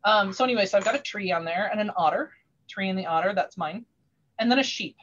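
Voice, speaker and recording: A woman's voice: medium pitch, fast, a little hiss or hum. Rambling woman on a lo-fi video call. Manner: animated, rambling, many restarts and fillers. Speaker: craftsperson sharing her work on a video call. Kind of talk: casual storytelling chat.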